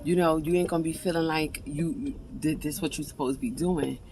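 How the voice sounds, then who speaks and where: A woman's voice: low-pitched, fairly even intonation, brisk, a little mellow, poor audio. Fervent woman preaching over road noise. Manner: conversational and fervent, with frequent restarts and asides to listeners. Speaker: preacher sharing an encouraging message with viewers. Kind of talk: informal devotional talk to camera.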